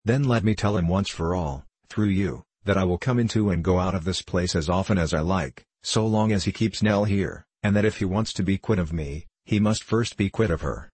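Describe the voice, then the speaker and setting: A man's voice: low voice, normal speed, few pauses, a little mellow, breathy edge, no echo. A man reading an audiobook, voicing a bitter, scornful young man who speaks defiantly.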